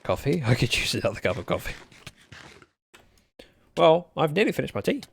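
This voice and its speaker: His pitch swoops wildly and his voice is a little high, with vocal fry and a slightly rough edge, at normal speed. This young man plays a block-building game on stream, chatting, joking and reading chat messages to his viewers.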